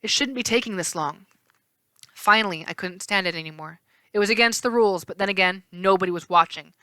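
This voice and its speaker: Woman reading a chapter book out loud, bright and close, no room sound at all. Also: mid-range voice, brisk, smooth, no room sound. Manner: expressive first-person reading with small slips. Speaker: read-aloud narrator. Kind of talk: reading a novel aloud.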